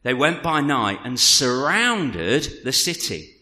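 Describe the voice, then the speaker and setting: A man's voice: mid-range voice, big pitch swings, takes it slowly, bright, forceful tone, big-room sound. A man preaching a sermon and reading scripture aloud, with jokey asides to the congregation. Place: church hall.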